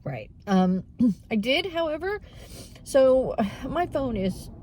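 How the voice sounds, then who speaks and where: A woman talking openly to her viewers in a casual vlog, with many fillers and frequent throat clearing. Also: sits high, very animated, slow, darkish tone, a little hiss or hum. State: tearful at times. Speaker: vlogger. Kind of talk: casual vlog chat while running errands.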